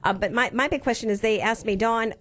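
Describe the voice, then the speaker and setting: A woman with a high voice hosts a casual talk show. She is upbeat and jumps in with quick reactions while she steers the chat. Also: a bit bright.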